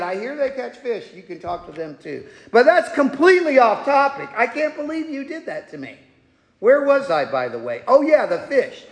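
A man preaching a sermon to his congregation as their pastor, folksy and jokey in his asides. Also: high voice. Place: church sanctuary. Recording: echoey hall.

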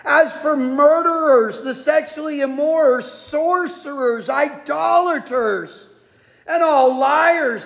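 A man preaching a sermon as pastor in a church, talking conversationally and rising to emphatic outbursts. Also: very high-pitched. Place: church sanctuary. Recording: echoey hall with long reverb.

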